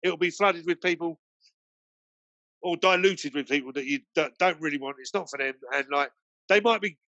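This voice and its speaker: A man's voice: on the high side, moderate pace, pushed and bright, no room sound, lo-fi sound. A man from Britain, a guest DJ, telling anecdotes in a rambling way full of fillers and restarts. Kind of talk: anecdotal storytelling in a conversation.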